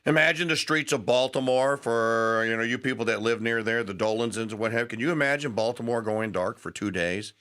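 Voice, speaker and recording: Forceful, sarcastic male talk radio host. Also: medium pitch, smooth. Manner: ranting, sarcastic, mocking; fast bursts mixed with slow, stressed phrases. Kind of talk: opinionated talk radio monologue.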